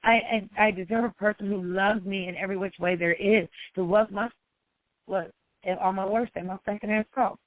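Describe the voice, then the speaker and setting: A woman's voice: fairly even intonation, moderate pace, no echo, phone-quality sound. A woman life coach talking personally to her followers, emotional and repetitive. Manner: emotional, repetitive, sometimes cries out high.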